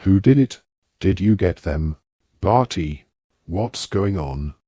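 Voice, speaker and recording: A man voicing an excitable wizard official who talks breathlessly in rapid questions. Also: low-pitched, breathy edge, no echo, full character voice. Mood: agitated.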